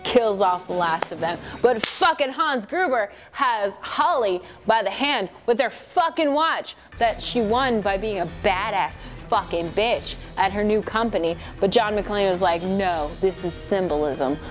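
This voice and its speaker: A woman's voice: mid-range voice, animated, a little slow, hardly any pauses, faint music behind. A tipsy woman hosting a comic movie recap, rambling and profane, with laughing asides. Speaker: host.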